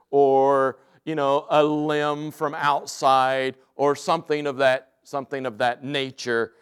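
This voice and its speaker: A man preaching a sermon, telling stories in a relaxed way and dropping to soft, deliberate emphasis. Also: on the high side, smooth. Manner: relaxed storytelling that drops to soft, slow emphasis. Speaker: pastor. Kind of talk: sermon with personal anecdote.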